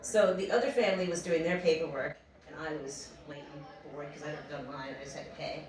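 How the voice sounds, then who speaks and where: A young woman telling a funny personal story on a comedy stage. She talks in an animated way, laughs often and acts out the voices in her story. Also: sits low, fast talker, a crowd in the background. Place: small comedy venue. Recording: roomy distant mic with audience. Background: audience laughing.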